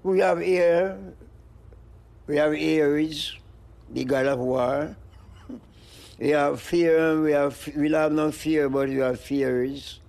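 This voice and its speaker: An older man, an interview guest, rambling in slow looping phrases and breaking into high-pitched animal noises. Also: steady tone, gravelly, a little mellow. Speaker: interview guest, music producer. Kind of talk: rambling stream-of-consciousness chat.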